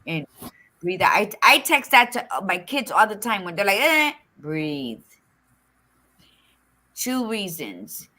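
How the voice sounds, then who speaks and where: A middle-aged woman co-hosting a casual talk show, chatting in an expressive, frank and folksy way, with Spanish words mixed in. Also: mid-range voice, takes it slowly, pauses often. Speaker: podcast co-host. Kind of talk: casual chat.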